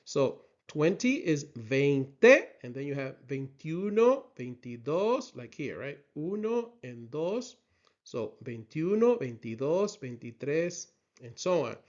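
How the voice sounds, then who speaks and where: A man's voice: a little high, big pitch swings. A man teaching a lesson, drilling words for the listener to repeat and checking in with "right?". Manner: slow, patient drilling with frequent "right?" checks. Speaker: Spanish teacher. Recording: slightly dull lo-fi sound.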